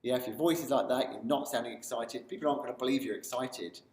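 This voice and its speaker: A man's voice: mid-range voice, fast talker. Enthusiastic man in an echoey room. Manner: enthusiastic, building excitement as he talks. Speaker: motivational video presenter. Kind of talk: motivational talk to camera. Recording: roomy sound from a distance.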